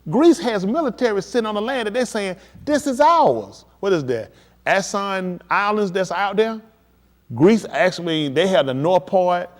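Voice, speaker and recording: Man, livestream preacher, emphatic, direct address, fairly high pitch. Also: moderate pace. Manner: emphatic, addresses listeners directly, rising to excited peaks. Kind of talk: livestream preaching on world events.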